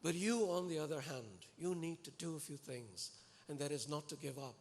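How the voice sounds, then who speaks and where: A man preaching a sermon to a congregation, earnest and animated, pleading and exhorting his listeners. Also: a little high, moderate pace. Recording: echoey hall with long reverb.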